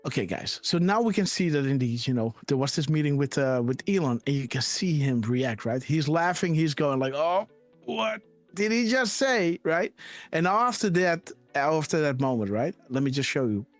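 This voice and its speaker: A man hosting a live decode show, talking fast and excitedly and asking "right?" again and again. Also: mid-range voice, soft background music. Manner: animated, repeats "right?" and "guys". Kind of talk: conspiracy decode commentary.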